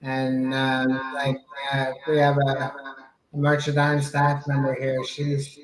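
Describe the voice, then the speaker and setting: A man talking haltingly with many pauses on a video call. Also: mid-range voice, completely flat delivery, echoey room, a crowd in the background, poor audio. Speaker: panelist. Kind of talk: casual video-call chat.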